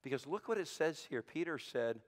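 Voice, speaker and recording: A man preaching a sermon as pastor, swinging from shouted peaks to hushed low asides. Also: expressive, moderate pace. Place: church sanctuary. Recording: sanctuary with long reverb.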